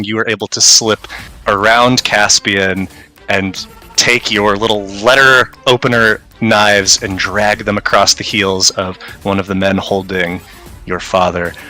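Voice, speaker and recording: A man narrates as game master, describing the scene to his players in measured, vivid detail. His voice sits low but rings bright and forward. Quiet music plays behind him. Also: fairly even intonation, poor audio. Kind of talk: dramatic second-person narration of a tabletop game.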